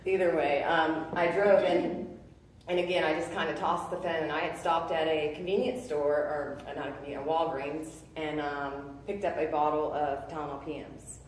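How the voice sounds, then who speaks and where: Low-voiced woman in an echoey room. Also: steady tone, distant mic, slight background noise. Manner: halting, earnest, many fillers and restarts. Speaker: testimony speaker. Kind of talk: personal testimony.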